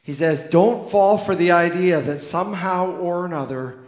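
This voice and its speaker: In an echoey church hall with lingering reverb, a pastor delivers a sermon in a high-sitting, slightly mellow voice at normal speed. He speaks earnestly and emphatically, going back over key lines to give them weight.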